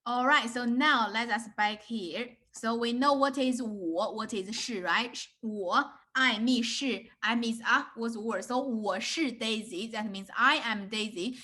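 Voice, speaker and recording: A woman's voice: on the high side, pushed and bright. A young woman with a Chinese accent, a native Mandarin speaker teaching a beginner lesson, patiently repeating words and checking with "right?".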